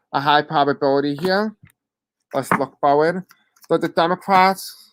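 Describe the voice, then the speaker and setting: A host with a deaf accent gives live readings and answers chat questions in a halting, apologetic way with many fillers. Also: mid-range voice, slight background noise.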